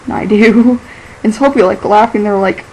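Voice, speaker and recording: A woman's voice: medium pitch, dark tone, a little hiss or hum, poor audio. A teenage girl vlogging in a rambling, casual way, filling her talk with "like" and laughing easily. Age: teens. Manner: chatty and scattered, fills every pause with "like", laughs easily.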